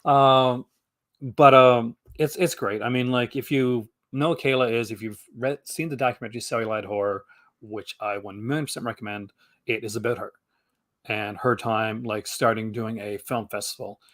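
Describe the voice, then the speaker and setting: A man's voice: medium pitch, steady tone, moderate pace, a bit bright, no room sound. A man from Canada with a Canadian accent, chatting as a guest on a live stream, enthusiastic and rambling with lots of fillers and restarts. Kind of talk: casual chat.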